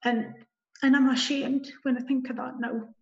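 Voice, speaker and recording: A woman guest giving candid spoken testimony, emotional and halting, with wry asides. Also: sits high, steady tone. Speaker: guest telling her story. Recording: dull lo-fi recording.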